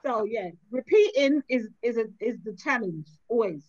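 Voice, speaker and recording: A woman's voice: on the high side, normal speed, dull audio. A woman guest on a parenting panel, chatting casually and acting out scenes with her children. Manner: animated, acts out her kids and herself. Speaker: guest, author and mother.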